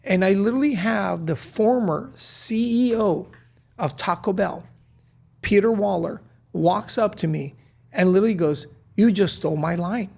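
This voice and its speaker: A man telling stories as an interview guest, lively and acting out the dialogue he recalls. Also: high-pitched, a little slow, gravelly. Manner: lively, acts out quoted dialogue. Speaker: guest, restaurant co-founder. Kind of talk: animated storytelling in conversation.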